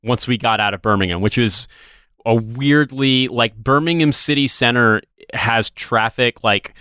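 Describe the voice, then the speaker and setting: A man's voice: medium pitch, measured pace, pushed and bright, clean tone, dry recording, clean studio sound. A man from the United States co-hosting a podcast, rambling through stories in casual chat and swearing freely. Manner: rambling, swears casually, tries silly voices. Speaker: podcast co-host.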